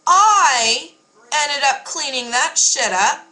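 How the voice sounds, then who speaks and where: A young woman with a bright, crisp voice recounts a story in a casual, candid way. She leans hard on her points and swears without a second thought. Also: high-pitched, lively intonation, takes it slowly, rough recording. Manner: candid, emphatic, swears freely. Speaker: vlogger.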